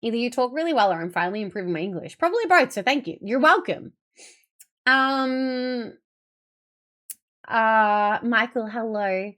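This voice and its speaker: Woman streamer, fairly high voice, rambling chatty storyteller, swears casually. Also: animated, normal speed, long pauses, fairly bright tone. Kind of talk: casual chat with stream viewers.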